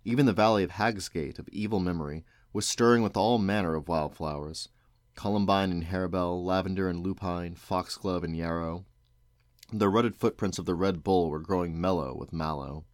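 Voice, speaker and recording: Father reading a storybook aloud, deep voice, measured and expressive. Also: dry recording, studio quality.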